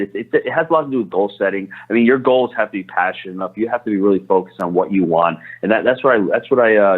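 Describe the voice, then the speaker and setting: A man's voice: deep voice, husky. A man answering interview questions as a podcast guest, talking energetically with frequent restarts. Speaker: podcast guest, real estate investor. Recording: tinny phone line.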